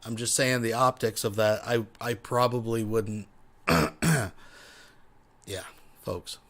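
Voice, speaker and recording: A man's voice: on the low side, fairly even intonation, takes it slowly, fairly bright tone. A man hosting a livestream, giving wry, casual commentary and addressing viewers as folks. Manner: wry, says "folks" often. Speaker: livestream host.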